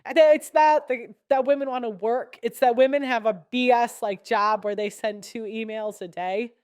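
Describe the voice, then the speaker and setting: Young woman ranting on her podcast, sarcastic and blunt, smooth higher voice, dry sound. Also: fairly even intonation, normal speed, a little mellow, no echo. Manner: blunt, sarcastic, laughs between points. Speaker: podcast host. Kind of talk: casual opinionated commentary.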